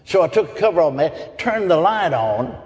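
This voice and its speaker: A man's voice: fairly high pitch, very animated, brisk, a little mellow. A man preaching a sermon, telling folksy stories, chuckling often and asking the crowd for amens. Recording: long hall reverb.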